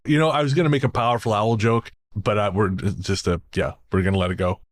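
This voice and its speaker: A man's voice: lowish voice, steady tone, fast. A man co-hosting a spooky-stories podcast, chatting casually and reading a listener's story aloud, sardonic, swearing and laughing often. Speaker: podcast co-host.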